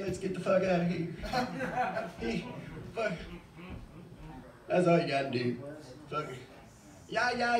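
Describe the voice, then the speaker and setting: Middle-aged male open-mic comic, crude, rambling and profane, with a high voice, caught from a distance in a roomy bar. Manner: crude, rambling, swears freely. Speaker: stand-up comic. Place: bar stage. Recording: echoey bar, mic far off.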